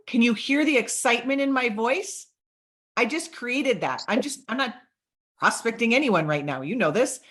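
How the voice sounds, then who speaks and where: A middle-aged woman giving an energetic sales training talk to a group, coaching them and acting out sample chats. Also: on the high side, moderate pace.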